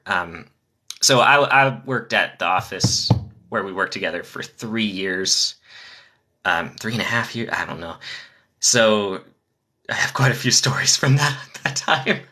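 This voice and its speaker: Bright-voiced man firing off dad jokes. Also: lowish voice, expressive. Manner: rapid-fire jokes with chatty asides to viewers. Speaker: live streamer telling dad jokes. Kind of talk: casual live-stream joke reading.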